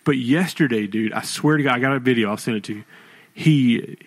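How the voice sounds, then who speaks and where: A young man co-hosting a podcast, telling lively stories about his young son in casual chat. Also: medium pitch, a little fast. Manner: animated storytelling, acting out his son. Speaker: podcast co-host.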